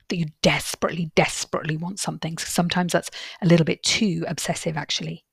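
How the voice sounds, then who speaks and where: A woman's voice: fairly low pitch, slightly rough, dry recording, studio quality. A woman therapist hosting a podcast monologue, earnest and reassuring, who repeats phrases for emphasis as she shares client stories. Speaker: solution-focused therapist, podcast host.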